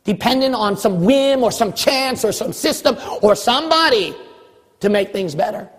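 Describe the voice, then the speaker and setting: A man from California preaching a sermon as pastor of his church, hammering one phrase over and over and rising into shouts. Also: high-pitched, animated, normal speed, in a large hall. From California, USA. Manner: forceful, repetitive exhorting, rising to shouts.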